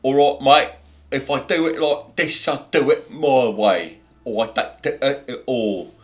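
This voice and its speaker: A man's voice: mid-range voice, a little slow, close to an everyday voice. A man mimicking an arrogant male job applicant who insists on doing everything his own way, in a smug, pushy tone.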